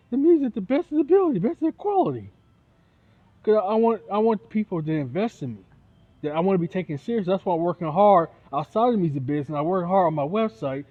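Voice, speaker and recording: A man from Ohio ranting heatedly to the camera, repeating himself and tossing in "you know what I'm saying" again and again. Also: on the high side. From Toledo, Ohio. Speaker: independent musician. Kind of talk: angry rant to camera. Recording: tinny phone-like audio.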